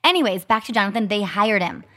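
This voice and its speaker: A woman's voice: medium pitch, fast. Chatty woman in her thirties telling a story. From Arizona, US. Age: 30s. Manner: chatty, lots of "like" fillers, animated retelling. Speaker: podcast co-host. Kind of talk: casual chat, storytelling.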